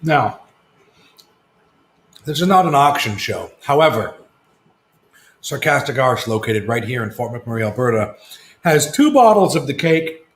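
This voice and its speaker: A man's voice: mid-range voice, big pitch swings, a little slow, pauses often. Dry-witted man, echoey room. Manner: dry, teasing, reads viewer comments. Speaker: whisky show co-host. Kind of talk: casual live-stream chat.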